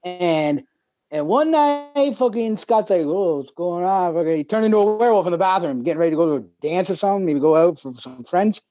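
Man, podcast co-host, profane rambling storyteller, casual chat, slightly high voice, dull recording. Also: animated, fast talker, warm tone. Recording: dull lo-fi dry sound.

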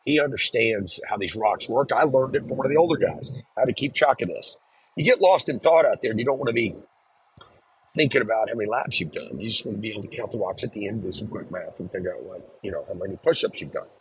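A man's voice: lowish voice, expressive, fast, breathy edge, no echo, low-quality recording. A man earnestly recounting his own experience in a conversational storytelling style, often restarting his sentences. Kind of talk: personal storytelling.

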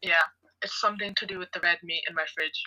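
A woman's voice: fairly low pitch, fairly even intonation, quick pace, bright, forceful tone, poor audio. A woman co-hosting a podcast, teasing and laughing in casual chat. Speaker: podcast co-host.

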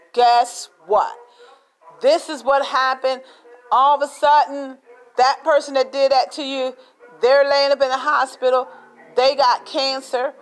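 A woman's voice: sits high, low-quality recording. A woman preaching a sermon in an emphatic, repetitive way, acting out little scenes as she speaks.

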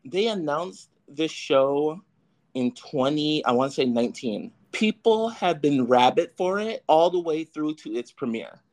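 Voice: medium pitch, animated, a little slow, a little mellow. A podcast co-host in casual chat, a fan who laughs often while explaining the story. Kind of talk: casual chat recapping a show.

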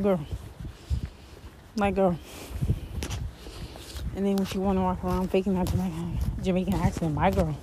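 A woman content creator ranting casually to camera, blunt and heated, swearing freely. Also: on the low side. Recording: loud background noise.

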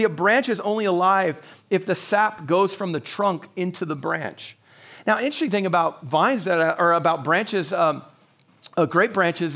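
A man with a fairly high voice delivers a Sunday sermon as the pastor, chatting with the congregation more than lecturing. He drops into short acted-out exchanges and chuckles along the way, keeping it loose and personal. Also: a bit bright. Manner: conversational preaching, acts out dialogue with God, laughs often.

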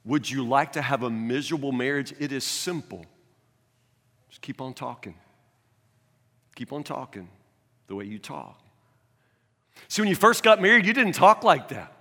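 A man preaching a sermon as a pastor in a conversational, animated way, recorded in a church sanctuary. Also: mid-range voice, normal speed, long pauses. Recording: long reverb of a large church hall.

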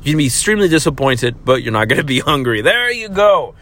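A man hosting a rambling solo podcast while driving, talking crudely and swinging from shouts to mumbles. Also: medium pitch, big pitch swings, fast talker. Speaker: podcast host. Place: inside a car. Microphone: phone held to face. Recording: faint road noise in a car.

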